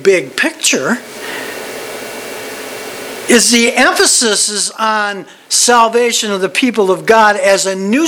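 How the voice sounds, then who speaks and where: A man's voice: high voice, a bit bright, slight background noise. A man teaching a Bible study in a conversational way. He is digressive and often restarts and repeats words.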